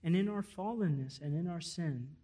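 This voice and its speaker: A male pastor preaching a sermon, stressing key words loudly and then dropping almost to a whisper. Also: on the high side, moderate pace. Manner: emphatic, swelling to loud stresses then dropping to near-whispers.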